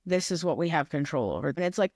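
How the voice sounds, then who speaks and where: A woman's voice: deep voice, expressive, fast, darkish tone, dry recording, clean studio sound. A woman co-hosting a podcast, telling a personal story in a casual, reflective way. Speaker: podcast co-host. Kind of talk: casual chat.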